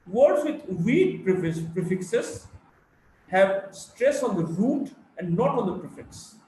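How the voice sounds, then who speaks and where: A man with an Indian English accent giving a college phonetics lecture, slowly reading out word lists and repeating key points. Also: sits high, expressive, darkish tone. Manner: slow and deliberate, repeating words for drill. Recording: echoey room, mic far off, faint hiss.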